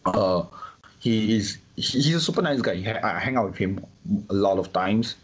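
Here a Singaporean man being interviewed talks casually about his views, stumbling over and repeating words, with many restarts and fillers. His voice is lowish and animated at a moderate pace. The recording is dull and lo-fi, with a little hiss or hum.

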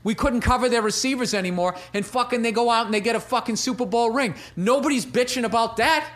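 A man arguing sports in a heated, profane, fast casual chat. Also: extremely high pitch, a bit bright. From Boston area. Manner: profane, rapid, impassioned. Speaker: podcast guest.

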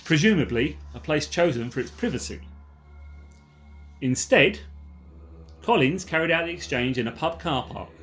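A man's voice: on the high side, lively intonation, moderate pace, pauses often, a bit bright, soft background music. Male podcast co-host, wry and jokey, reading out facts. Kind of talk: casual true-crime chat.

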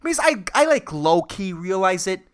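A man's voice: high-pitched, very animated, moderate pace, a bit bright. A young man, hosting a solo podcast and ranting angrily with lots of swearing. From Puerto Rico. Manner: angry, profane, ranting. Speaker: podcast host.

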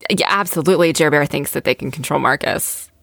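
A woman's voice: sits low, brisk, creaky, fairly bright tone, no echo, clean studio sound. A woman in casual podcast chat, recapping a TV episode with enthusiastic, self-deprecating talk.

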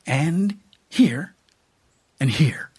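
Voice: medium pitch, lively intonation, extremely slow, darkish tone, husky, voice pushed up, full character voice. A reader voicing a shrewd, plainspoken rural aunt who talks in folksy speech with double negatives, in a storybook reading. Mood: hushed. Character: plainspoken rural aunt, middle-aged woman, warm and shrewd.

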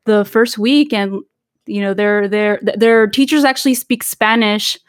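A woman's voice: mid-range voice, a little slow, no room sound, clean studio sound. Chatty mother mixing in Spanish. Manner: mixes Spanish into English. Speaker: podcast co-host; mother of twin daughters. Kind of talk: casual chat.

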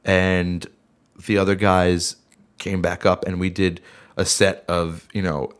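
A middle-aged man with a fairly low voice chats on a podcast, sidetracking and restarting as he talks through his band's stories. His voice sounds slightly worn from being sick. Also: level tone, takes it slowly, smooth. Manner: rambling, self-interrupting storyteller. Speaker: band member and podcast host. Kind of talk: casual chat.

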